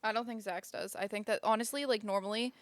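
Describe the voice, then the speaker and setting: A young American woman co-hosting a podcast, chatty and teasing, laughing loudly. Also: medium pitch, steady tone, fast, no echo. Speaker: podcast co-host. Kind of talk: casual chat.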